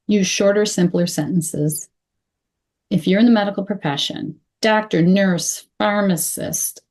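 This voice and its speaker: A woman coaching clear English, speaking deliberately and modeling phrases slowly with pauses. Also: on the low side, a little mellow. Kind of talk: instructional talk to camera.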